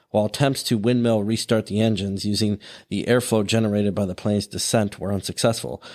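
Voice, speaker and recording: Low-voiced man hosting a podcast. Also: a little mellow. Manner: casual, with fillers and asides. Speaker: podcast host. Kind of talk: conversational podcast narration.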